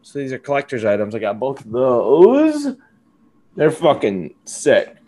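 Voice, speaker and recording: A man's voice: mid-range voice, wildly swooping pitch, unhurried, dark tone. A young man co-hosting a comedy podcast, riffing into profane mock rants with sudden yelped outbursts. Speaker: podcast co-host. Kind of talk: casual comedic chat.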